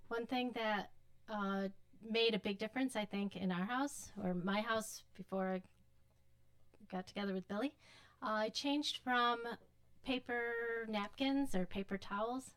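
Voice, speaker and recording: A woman's voice: mid-range voice, unhurried, a bit bright, smooth. Woman, podcast guest, chatty, practical, casual storytelling. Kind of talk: casual chat.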